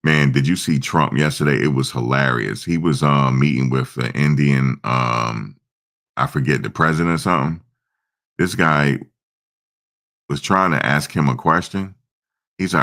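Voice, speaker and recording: Very deep gravelly-voiced man rambling. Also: moderate pace, a bit bright. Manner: rambling, chats with viewers' comments. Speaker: livestream host. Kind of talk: casual live-stream chat.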